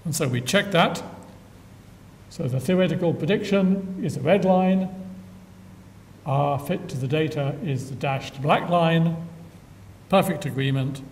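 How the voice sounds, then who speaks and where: An older man giving a public science lecture with dry humor and frequent filler pauses, recorded in a lecture hall from a distance. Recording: echoey hall from far off, faint rumble.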